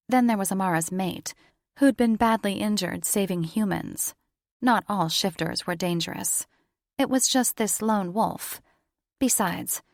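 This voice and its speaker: A woman reads an audiobook in a steady, measured storytelling manner. Her voice sits on the low side with a noticeable gravelly fry. The recording is dry and close, with no room sound. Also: dry recording. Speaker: audiobook narrator. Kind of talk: audiobook narration.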